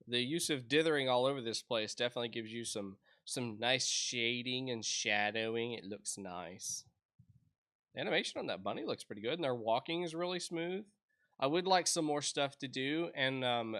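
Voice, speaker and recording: A man's voice: mid-range voice, lively intonation, moderate pace, fairly bright tone. Chatty male game reviewer. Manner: rambling, chatty, self-interrupting. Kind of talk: casual let's-play commentary.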